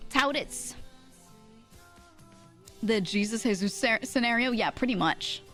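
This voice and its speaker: A woman's voice: fairly high pitch, unhurried, fairly bright tone, faint music behind. A young woman with a mix of South Jersey and Philadelphia accent, chatting casually with her stream chat and laughing often.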